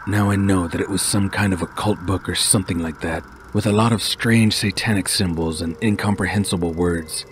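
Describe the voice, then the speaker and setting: A man narrating a scripted first-person horror story in a steady, measured way. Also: sits low. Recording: noisy home recording.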